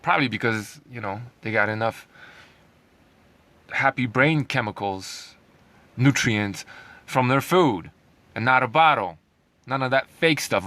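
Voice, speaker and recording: A man's voice: medium pitch, lively intonation, measured pace, fairly bright tone. Sarcastic man ranting over the news. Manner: sarcastic, heated, mocking laughs. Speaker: commentary vlogger. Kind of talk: ranting commentary reading news.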